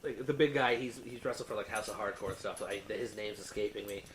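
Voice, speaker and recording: A man's voice: fairly low pitch, level tone, fast talker, fairly bright tone, a little hiss or hum, rough recording. Rambling male podcast host. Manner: rambling, full of fillers and restarts. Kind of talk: casual chat.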